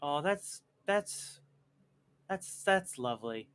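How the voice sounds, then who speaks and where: A man's voice: a little high, lively intonation, slow, a bit bright, clean tone. A man hosting a livestream, joking playfully and laughing often over a video call. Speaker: host. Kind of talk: casual banter on a livestream.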